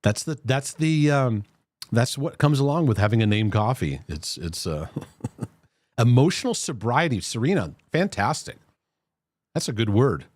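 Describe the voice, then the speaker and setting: A man's voice: mid-range voice, big pitch swings, a little slow, a little mellow, no room sound, studio quality. A man hosting a Christian mental health livestream, chatting casually and reading out viewer comments, laughing easily between them. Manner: chatty, laughs easily, many fillers and restarts.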